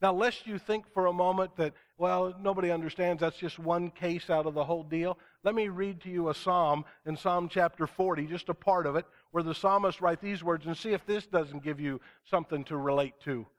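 Earnest preaching man, fairly high voice. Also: a bit bright. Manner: earnest, emphatic, slows down to stress key words. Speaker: pastor. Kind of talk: sermon.

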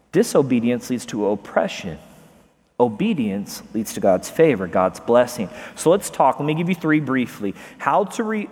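A male pastor preaching a sermon in a casual, conversational way, slowing down to stress key lines and dropping in playful asides. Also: a little high, darkish tone, breathy edge, big-room sound. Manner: conversational preaching with asides and emphatic slowed phrases.

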